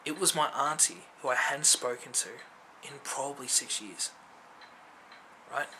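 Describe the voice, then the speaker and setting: A male vlogger of Filipino family background gives an earnest, conversational personal testimony to the camera, packed with fillers and a habit of tagging "right?" onto his points. His voice sits at medium pitch with a measured pace, creaky and sharp in tone. The low-quality recording carries a slight hiss or hum.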